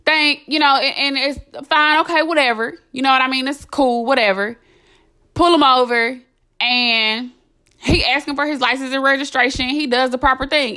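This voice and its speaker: Blunt high-voiced woman, swearing freely. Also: pushed and bright. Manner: blunt, heavy swearing, emphatic repetition. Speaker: podcast host. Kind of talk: impassioned monologue.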